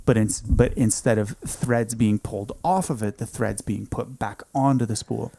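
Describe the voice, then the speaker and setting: A man in his thirties, a podcast guest in a home studio, telling a story in an intense, emphatic way, often saying "dude" and swinging between hushed and loud. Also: on the low side, fairly even intonation, moderate pace, creaky, dry recording. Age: 30s. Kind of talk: casual storytelling.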